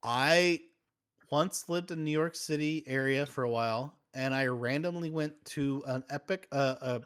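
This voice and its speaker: A man's voice: mid-range voice, a little slow, a bit bright, smooth. A man in casual chat, telling a loose, rambling stand-up story as a guest. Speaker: comedian guest.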